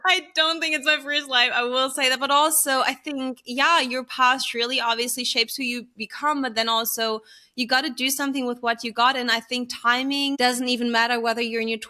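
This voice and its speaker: A woman in her thirties from Germany with a bright, forceful voice that sits a little high. She talks candidly and earnestly as a podcast guest, full of fillers and quick laughs. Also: fairly even intonation. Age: 30s. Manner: earnest and open, many fillers, laughs easily. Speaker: podcast guest, business coach.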